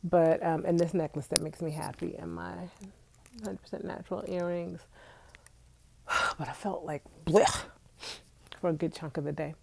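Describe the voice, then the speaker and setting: A woman's voice: lowish voice, fairly even intonation, normal speed, vocal fry, long pauses, slight background noise. A young woman congested with allergies, chatting casually and directly to her viewers on a live stream from home. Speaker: vlogger. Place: indoors at home.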